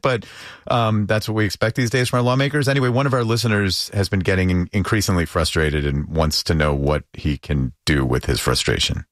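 Deep-voiced man hosting a dry talk show. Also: dry recording. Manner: loose and chatty, with laughs and fillers. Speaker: host. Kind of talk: casual political talk.

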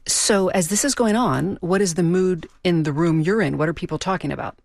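Radio news host, quick, gravelly, crisp questions, dry studio sound. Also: mid-range voice, dry recording. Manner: brisk, direct questions.

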